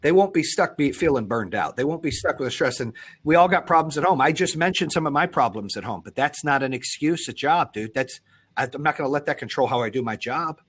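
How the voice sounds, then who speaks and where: Dude hosting a podcast, kinda high voice, cussing a lot, goes loud then drops way low. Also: male voice, expressive, a little fast, breathy edge. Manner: blunt, profane, fired-up, swings from loud to low. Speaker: podcast host. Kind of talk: intense motivational podcast talk.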